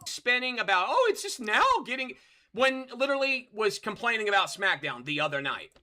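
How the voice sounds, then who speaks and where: A man's voice: high-pitched, very animated, fairly quick, sharp tone. A man in casual chat who argues defensively and halts, repeating his words as he explains himself.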